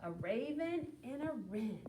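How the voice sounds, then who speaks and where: Animated woman reading a picture book to children. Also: on the high side, unhurried. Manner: animated, expressive, with asides to the children. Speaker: teacher leading a language group. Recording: echoey room with faint background hum.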